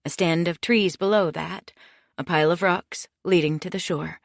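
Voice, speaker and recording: A woman reading a mystery audiobook in steady, measured scripted narration. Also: fairly low pitch, vocal fry, no room sound, studio quality.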